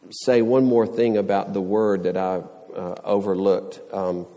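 A man's voice: lowish voice, darkish tone, in a large hall. A man preaching a sermon, earnest, pressing his points with rising questions and everyday illustrations. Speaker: pastor.

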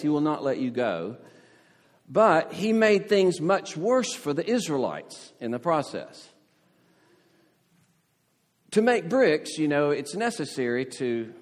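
A man delivers a sermon as pastor, his pitch rising and falling with lively expression. He tells the story vividly and briefly takes on the voices of the people he quotes. His voice carries a long reverb from the sanctuary around him. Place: church sanctuary.

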